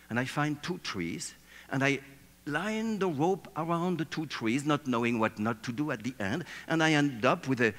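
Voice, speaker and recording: Man, animated, playful, acts out scenes, seated on stage, echoing hall. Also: medium pitch. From France. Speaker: speaker giving a talk. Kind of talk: theatrical storytelling talk.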